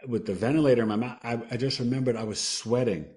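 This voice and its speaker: A man's voice: mid-range voice, fast, darkish tone. A man who is a podcast guest, telling a personal story earnestly and acting out what people said. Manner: earnest, acts out quoted dialogue, trails off and restarts.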